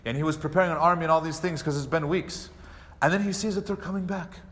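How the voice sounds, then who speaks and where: A man, an imam, giving a mosque lecture, telling a story and acting out the quoted speech with lively delivery. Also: on the high side, fast. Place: mosque hall. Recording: long hall reverb.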